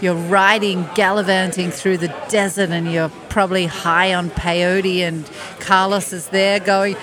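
A woman's voice: lowish voice, flat delivery, measured pace, a crowd in the background. A woman co-hosting a podcast in casual chat from a brewery taproom, describing a beer in a vivid, enthusiastic way. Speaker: podcast co-host.

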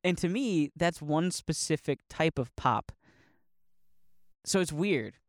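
Young guy, loose rambling monologue, laughs often, bit high, dry close mic. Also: animated, slow pace, dry recording. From Northeast Ohio. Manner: rambling, laughs often, many likes and restarts. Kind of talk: casual monologue.

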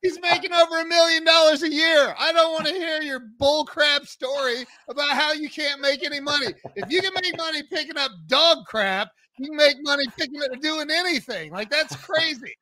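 A man's voice: extremely high pitch, moderate pace, hardly any pauses, no room sound. A man telling stories as a podcast guest, acting out the lines of people in them. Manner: animated storyteller, acts out quotes. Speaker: guest, entrepreneur and coach. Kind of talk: casual podcast interview.

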